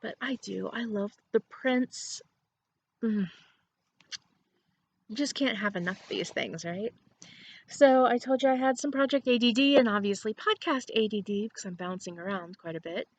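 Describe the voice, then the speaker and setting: A woman chats to camera for her knitting podcast. She rambles from thought to thought and laughs often, in a relaxed, casual tone. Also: on the high side, moderate pace.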